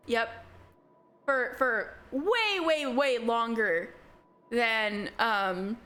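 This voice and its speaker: A woman's voice: on the high side, a bit bright. A woman streamer chatting casually about a story game, rambling and hesitant. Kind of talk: live-stream game commentary.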